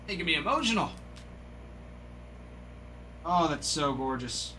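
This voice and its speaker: Gushing, bright-voiced man opening cards. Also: a little high, a little slow, pauses often, slight background noise. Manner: excited, gushing exclamations over each card. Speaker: trading card break host. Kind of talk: live card-opening commentary.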